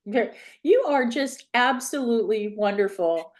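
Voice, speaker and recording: A woman's voice: a little high, animated, measured pace. A woman hosting a podcast over a video call, effusive and full of compliments in casual chat. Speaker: podcast host.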